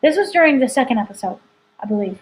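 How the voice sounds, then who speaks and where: A woman's voice: high-pitched, expressive, quick pace, a little hiss or hum, rough recording. A woman editor chatting casually through a spoiler review, rambling with lots of "like" and "you know". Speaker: entertainment editor reviewing a TV episode.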